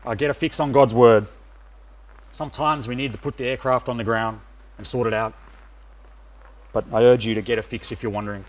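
A middle-aged man from Australia giving a sermon, pausing often with "uh" fillers. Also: mid-range voice, steady tone. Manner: hesitant, many "uh" fillers. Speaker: preacher.

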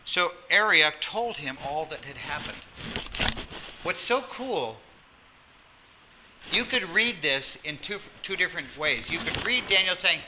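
A man preaching a sermon as pastor, animated, acting out quotes and dropping to a soft voice for emphasis. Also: high voice, unhurried. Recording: noisy sermon recording.

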